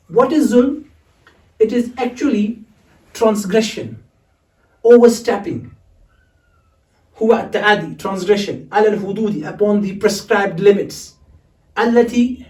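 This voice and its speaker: A man's voice: sits high, a little mellow. A man teaching the Arabic grammar of a Quranic prayer, explaining it word by word and moving between recited Arabic and English. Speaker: Islamic studies teacher. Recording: echoey room, voice from a distance.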